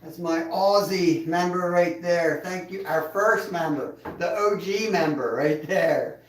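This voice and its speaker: A man hosts a laid-back livestream, chatting casually and chuckling as he reads viewer comments aloud. His high-pitched voice comes slowly and off-mic, distant in an echoey room.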